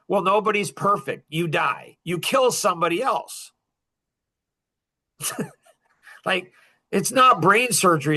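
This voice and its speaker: A man's voice: a little high, bright, forceful tone, husky. A man hosting a podcast, talking in a rambling, emphatic monologue full of fillers. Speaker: podcast host. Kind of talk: casual monologue.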